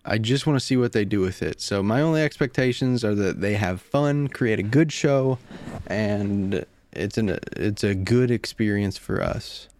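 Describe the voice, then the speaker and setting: A man's voice: on the low side, normal speed, a little mellow. A man hosting a podcast, chatting casually with a hyped, talkative manner. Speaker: podcast host. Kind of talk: casual chat.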